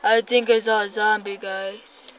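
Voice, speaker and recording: A young woman with a Filipino accent commenting on a game she is playing, excitable and jumpy, jumping between loud panicked cries and low mutters. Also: measured pace. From Philippines. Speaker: gamer. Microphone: phone mic. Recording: dull lo-fi phone recording with faint noise.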